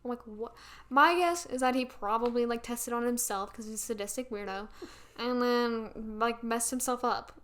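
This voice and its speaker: A woman's voice: fairly high pitch, normal speed, a bit bright. A young woman co-hosting a podcast in casual, giggly fan chat, rambling with lots of fillers. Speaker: podcast co-host.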